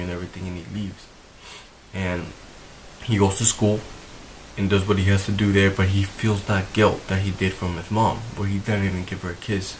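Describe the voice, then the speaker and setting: Young male vlogger, deep and monotone, emotional and rambling, faint hiss on the track. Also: fairly quick, rough recording. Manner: emotional, rambling, repeats himself. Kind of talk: earnest talk to camera.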